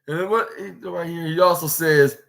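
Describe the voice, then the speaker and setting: A man's voice: fairly high pitch, steady tone, normal speed, gravelly, a bit bright. A man hosting a podcast, retelling a wrestling show in a rambling play-by-play way. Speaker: podcast host. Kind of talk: casual wrestling show recap.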